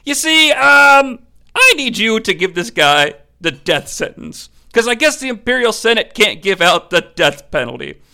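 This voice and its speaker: A man voicing a scheming, obsequious high priest who hesitates and flatters. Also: unhurried, creaky, full character voice. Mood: wheedling. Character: fawning scheming high priest, male, middle-aged.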